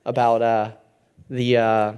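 A man's voice: medium pitch, flat delivery, takes it slowly, darkish tone, clean tone. A man in his thirties, a parent and regular leader of a small church group, talking loosely with many fillers and restarts. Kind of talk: casual faith talk to a group.

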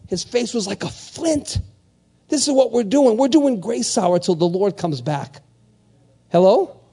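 A man's voice: high voice, sing-song, moderate pace, mellow. A man preaching a sermon as pastor, emphatic and repetitive, often calling out for amens from the congregation.

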